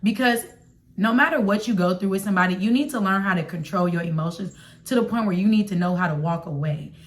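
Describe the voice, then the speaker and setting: A young woman from Chicago with a Chicago accent, telling a personal story to her viewers in a confiding, slangy, animated way. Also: mid-range voice, fast talker. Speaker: vlogger. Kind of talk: storytime vlog.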